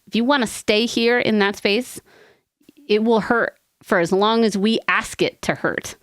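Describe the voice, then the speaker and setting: A woman co-hosting an advice podcast, talking in an earnest, rambling way with quick asides. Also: mid-range voice, no echo, clean studio sound. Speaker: podcast co-host. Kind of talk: casual advice chat.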